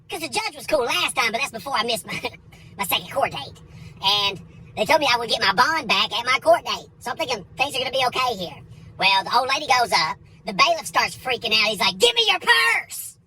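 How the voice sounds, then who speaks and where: A comedian telling a crude, animated story and acting out the other people in it. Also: female voice, a little high, slight background noise, poor audio.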